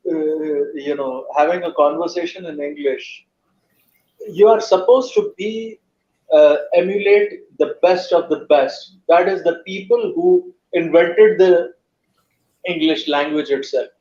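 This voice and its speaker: A man's voice: high-pitched, animated, measured pace, darkish tone. A man in a casual online voice chat, talking in formal, wordy phrases with many hesitations. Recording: echoey, muffled voice chat audio.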